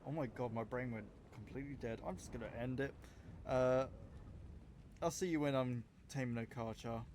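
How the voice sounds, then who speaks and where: A gaming YouTuber offers casual, rambling gameplay commentary, offhand and often correcting himself, all while he has the hiccups. He's a fast talker with a medium-pitched, darkish voice, and there's a little hiss or hum.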